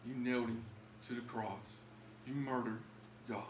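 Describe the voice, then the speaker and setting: A man telling his own story as a testimony in a church, emotional and pleading at its high points. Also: steady tone, normal speed, roomy sound, background noise. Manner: emotional, rising to pleading highs. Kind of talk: testimony sermon.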